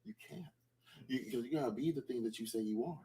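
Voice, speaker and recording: A man's voice: medium pitch, a little fast, dark tone, low-quality recording. A man co-hosting a casual podcast, joking, mocking and blunt in his opinions.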